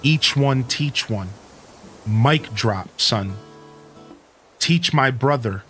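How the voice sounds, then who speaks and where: A man's voice: medium pitch, drawn-out words, a bit bright, faint music behind. A man hosting a live stream, giving an earnest, preachy rant to his viewers with casual slang. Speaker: Twitch streamer and host.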